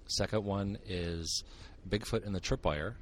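A man's voice: sits low, unhurried. An older man from Montana, a guest author telling stories in a casual, joking podcast interview. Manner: joking, sarcastic, animated storyteller. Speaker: guest, author and Bigfoot researcher.

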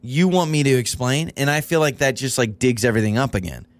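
A man's voice: medium pitch, expressive, fast, no echo. Dry-sounding man chatting on a podcast. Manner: self-deprecating, rambling with restarts. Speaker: podcast co-host. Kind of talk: casual couple chat.

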